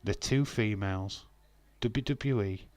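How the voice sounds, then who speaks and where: A man casually chatting with viewers as he hosts a wrestling watch-along, self-mocking and quick to laugh. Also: on the low side, darkish tone, no room sound. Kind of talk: casual live-stream chat with viewers.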